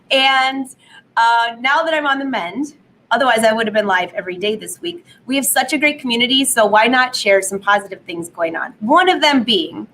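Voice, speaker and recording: A woman hosts a casual live sewing stream from her studio at home. Her voice sits a bit high and is slightly hoarse from a cold, and her talk is chatty and upbeat, with laughs at her own jokes. A faint hum of noise runs underneath. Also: moderate pace, bright, forceful tone, low-quality recording. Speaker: sewing vlog host.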